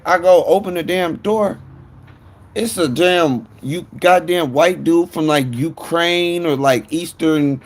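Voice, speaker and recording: A man telling a rambling, profane story to viewers on his phone stream. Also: sits high.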